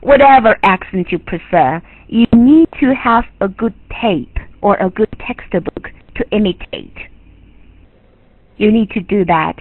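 A woman's voice: medium pitch, measured pace, slightly rough, no room sound. A woman with a Chinese accent teaching English pronunciation, lecturing in English and Mandarin and putting questions to her students. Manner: repeats and restarts phrases, asks the class questions. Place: online lecture. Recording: tinny phone-like line, dry.

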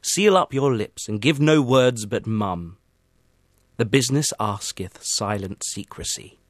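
A man reciting a Shakespearean male character in a slow, declamatory stage manner with original pronunciation. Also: mid-range voice, animated, no echo, studio quality. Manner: declamatory, old-fashioned stage delivery.

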